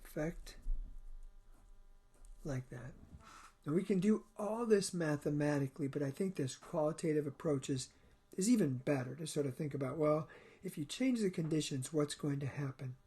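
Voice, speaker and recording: Male chem instructor, recorded lecture, measured step-by-step delivery, husky. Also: fairly high pitch, dark tone. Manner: measured, explains step by step in short phrases. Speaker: college chemistry instructor.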